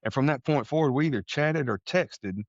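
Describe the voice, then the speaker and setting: A man's voice: medium pitch, moderate pace, dry recording. A man from Texas, a podcast guest, telling his story in an earnest, folksy way and acting out conversations he recalls. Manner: earnest, folksy, acts out quoted exchanges. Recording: dull lo-fi sound.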